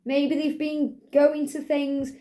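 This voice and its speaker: Woman, tarot card reader, warm mellow tone, gentle, reassuring, repetitive. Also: high voice, flat delivery, slow pace. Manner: gentle, reassuring, repeats phrases with many "you know" fillers. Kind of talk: channeled love reading.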